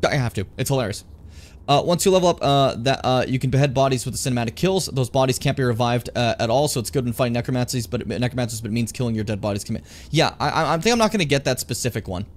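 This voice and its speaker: This man streams a fantasy role-playing game and offers casual commentary as he plays. He jokes and chats with viewers in an animated way, and his mid-range voice comes out rapid-fire.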